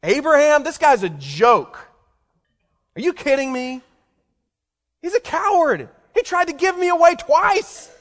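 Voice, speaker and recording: A man's voice: big pitch swings, measured pace, long pauses, fairly bright tone, full character voice. A man preacher voicing an elderly woman who sarcastically mocks her husband as a coward and a joke, in a long hall reverb. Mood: scornful. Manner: sarcastic, rising to a shrill squawk. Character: scornful old woman mocking her husband.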